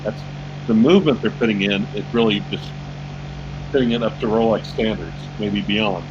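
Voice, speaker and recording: A man co-hosting a casual chat with quick, dry, wry remarks. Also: lowish voice, lo-fi sound, noisy background. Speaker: co-host. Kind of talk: casual banter.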